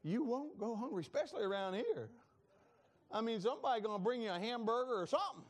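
Male pastor, high-pitched, lively sermon style with call-and-response. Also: fast talker. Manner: lively, preaching with laughs and call-and-response asides.

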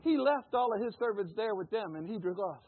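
A man preaching a sermon in an animated way, breaking into shouts and acted-out voices. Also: high-pitched, a little fast, husky, no echo. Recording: tinny phone-like, dry sound.

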